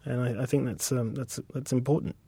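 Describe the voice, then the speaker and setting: British designer guy, thinks out loud, lots of restarts, dead dry studio sound. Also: medium pitch, fairly even intonation, gravelly, breathy edge, no echo. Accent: British English. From England. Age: 30s. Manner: reflective, halting with many restarts and fillers. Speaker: guest designer. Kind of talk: casual interview conversation.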